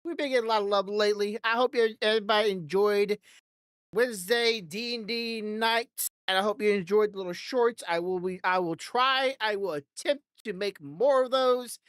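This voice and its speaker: A woman's voice: mid-range voice, moderate pace, no echo, clean studio sound. A woman hosting a podcast in loose, rambling casual chat, swearing freely and laughing often into a desk microphone. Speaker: podcast host.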